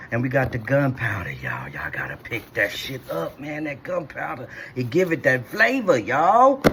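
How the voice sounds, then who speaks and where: A man's voice: mid-range voice, noisy background. Slangy man chatting through a cooking vlog. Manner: chatty, slangy, keeps saying y'all. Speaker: cooking vlogger.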